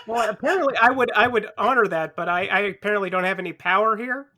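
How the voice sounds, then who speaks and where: A man's voice: high voice, quick pace, bright, forceful tone. A man presiding as judge in a comedy podcast mock trial, speaking in a dry, procedural way.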